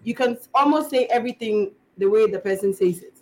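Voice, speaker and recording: Una mujer joven con acento inglés de Ghana, actriz, participa como invitada en una entrevista informal y cuenta anécdotas con mucha animación, imitando voces. Su voz es algo aguda y habla bastante rápido. El audio es de mala calidad, con un leve ruido de fondo.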